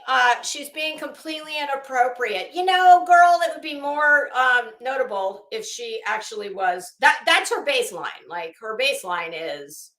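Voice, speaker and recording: A woman's voice: a little high, bright, forceful tone. A woman hosting a live stream, reading chat messages aloud and giving catty, sarcastic gossip commentary with plenty of swearing. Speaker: livestream host. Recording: roomy echo.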